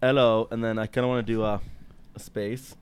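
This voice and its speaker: A man's voice: fairly low pitch, little pitch movement, a little fast, clean tone, no echo. A man in his twenties in casual chat, laid-back, swearing and laughing a lot. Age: 20s.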